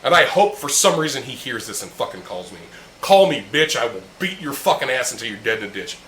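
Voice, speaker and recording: A young man ranting with heavy profanity, his voice bright and higher than most, swinging up and down as he talks. He sits in an echoey room with a faint hum of ambience behind him, chatting over beers with friends. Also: expressive, fast talker. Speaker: podcast host. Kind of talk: casual chat. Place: room with friends drinking beer.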